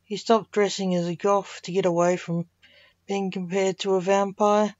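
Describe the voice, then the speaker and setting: A woman narrating a story aloud in a plain, unhurried reading voice. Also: medium pitch, flat delivery, darkish tone, dry recording. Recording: dry, slightly muffled recording.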